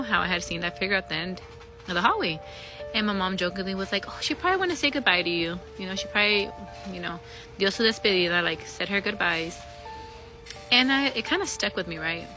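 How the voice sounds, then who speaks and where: A woman's voice: medium pitch, rough recording. A young woman telling a story in a candid, chatty way, swearing freely and filling her speech with "like" and "you know.". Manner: candid and profane, with many fillers. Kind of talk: casual storytime vlog.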